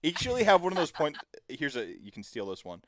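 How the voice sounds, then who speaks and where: A man's voice: on the high side, wildly swooping pitch, fairly quick, a bit bright, no echo, clean studio sound. A man in his thirties hosting a casual podcast chat, rambling with plenty of fillers and the odd swear word. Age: 30s. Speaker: podcast host.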